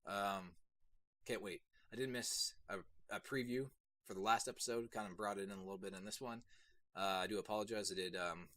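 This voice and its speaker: Excited rambling young man. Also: lowish voice. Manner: rambling, lots of fillers, excited. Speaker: anime reviewer. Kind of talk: casual solo video review.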